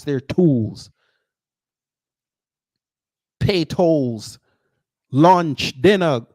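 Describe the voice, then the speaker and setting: A man's voice: fairly high pitch, darkish tone, no echo, clean studio sound. A man delivering a heated, combative commentary rant, sarcastic and taunting. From United States. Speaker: commentary host.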